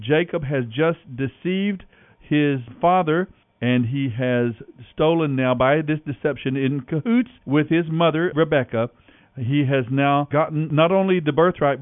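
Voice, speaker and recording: A man teaching and reading scripture on a radio Bible program, in a measured, earnest way. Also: mid-range voice, no echo. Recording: tinny lo-fi radio broadcast with faint music.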